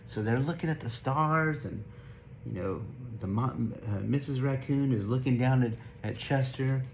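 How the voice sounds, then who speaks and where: A man's voice: mid-range voice, darkish tone, slight background noise. A man reading a picture book aloud to a child, stopping casually to point at the pictures and explain. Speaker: storybook reader.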